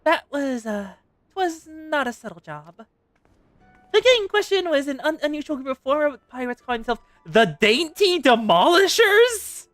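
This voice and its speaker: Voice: sits high, very animated, normal speed, fairly bright tone, no room sound, faint music behind, voice pushed up. A streamer voicing a formal, gossipy clerk briefing an adventurer. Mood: informative.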